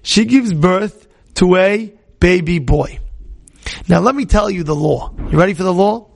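A man's voice: sits high, measured pace, creaky. A man teaching a religious class, telling a story conversationally, repeating himself and quizzing his listeners.

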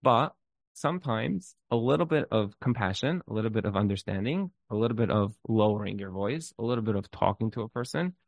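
A man's voice: lowish voice, expressive, fairly quick, gravelly. A man giving relationship advice in an informal talk, speaking earnestly and emphatically, repeating words as he thinks and mixing in Hebrew terms. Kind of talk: informal spoken talk with storytelling.

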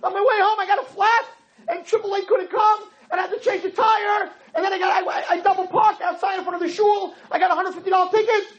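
Man doing a harried wife, shrill, escalating complaints, very high, swooping voice, lo-fi lecture recording. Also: a little fast, fairly bright tone. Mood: frantic. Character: harried exasperated wife topping her husband's complaints.

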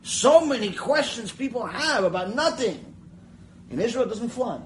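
A Torah teacher gives a Mussar lecture, telling stories animatedly, acting out the characters' voices and drifting into chatty asides. His voice is very high and moderately paced, on a low-quality recording with slight background noise.

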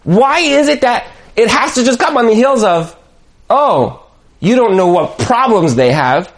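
High-voiced man giving a lively Torah talk. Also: a little slow. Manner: animated storyteller, acts out quoted voices. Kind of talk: Torah talk with personal stories.

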